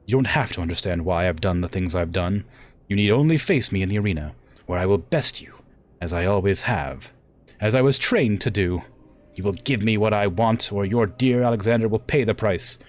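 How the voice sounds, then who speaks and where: A man's voice: on the low side, lightly acted. A man reading a proud, ruthless young woman mech warrior aloud from a game in an English accent, defiant and clipped. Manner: fierce, defiant, clipped threats.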